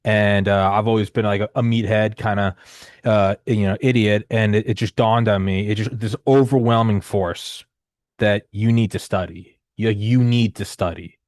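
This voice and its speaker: Man in his thirties, low-pitched, rambling, profane conversational storyteller, dry recording. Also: steady tone, moderate pace, darkish tone, dry recording. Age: 30s. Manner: rambling, profane, frequent restarts and fillers.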